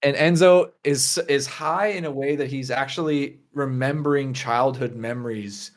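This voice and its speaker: A man's voice: mid-range voice, steady tone, moderate pace, a little hiss or hum. A man running a tabletop game as game master, thinking aloud with hesitant fillers.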